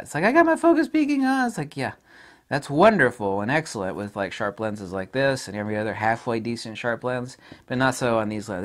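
Middle-aged guy rambling about lenses, swears a lot, voice bounces up and down all over. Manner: blunt, rambling, swears casually, laughs at own jokes; animated, pitch swings widely. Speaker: camera lens reviewer. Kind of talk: casual unscripted review.

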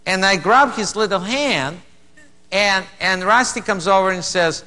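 A middle-aged man with a Russian accent telling a stand-up story, halting and restarting as he acts out quotes. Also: sits high, pushed and bright. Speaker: stand-up comedian. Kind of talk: stand-up comedy routine. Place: theater stage. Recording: live venue with long reverb, faint hum. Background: audience laughter.

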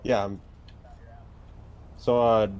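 A man role-playing a police officer in a game, asking questions calmly and steadily. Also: fairly low pitch, very slow, slight background noise, rough recording. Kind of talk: in-character game role-play.

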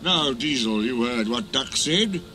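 A man's voice: medium pitch, lively intonation, unhurried, bright, forceful tone. A man voicing a stern but fair railway boss who speaks firmly and formally, with music playing underneath. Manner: firm and formal.

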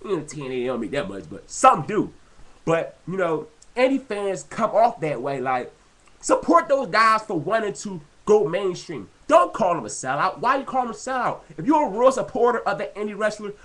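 A man's voice: sits high, fairly bright tone. A man vlogging a heated, rambling rant, filling his talk with "you know" and repeating himself. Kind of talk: casual rant to camera.

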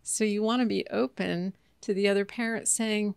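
A woman with a creaky, mid-range voice, a counselor explaining points calmly as an interview guest. The sound is dry, with almost no reverb. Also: medium pitch, normal speed, hardly any pauses.

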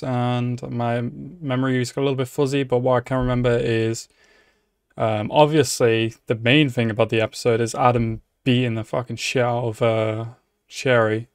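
An excitable young man reacts to an anime episode in a loose, casual way, cursing often and calling out at what he sees. His voice sits at a middling pitch for a man, recorded close and dry with no room sound. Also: dry recording. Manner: excitable, swears a lot, laughs and shouts at the screen.

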